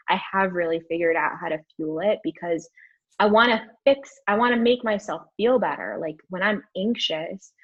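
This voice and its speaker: A young woman guest telling a candid story in an interview, rambling and animated, filling her speech with "like". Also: fairly low pitch, husky. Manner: rambling, animated, heavy use of "like". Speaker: podcast guest. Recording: dull lo-fi audio.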